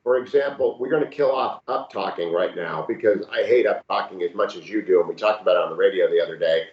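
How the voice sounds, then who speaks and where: A man's voice: deep voice, quick pace. A man in his sixties hosting an interview, steering the talk with direct questions. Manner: steering, direct, gives pointed follow-up questions. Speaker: host. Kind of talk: conversational interview. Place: room, remote video call. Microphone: video call mic. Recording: roomy, dull video call audio.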